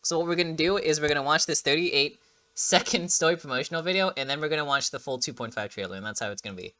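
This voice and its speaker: Sounding freshly woken, a man reacts to a game trailer in casual, excitable rambling full of fillers and restarts. His voice is a little high and his pace quick.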